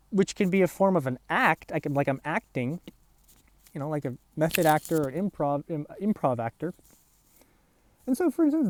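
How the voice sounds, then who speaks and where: Male vlogger, affected put-on accent, profane rambling delivery, very lively pitch. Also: no room sound. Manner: talks in a put-on affected accent, throat held low; profane, rambling, restarts and repeats words. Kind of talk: rambling solo monologue.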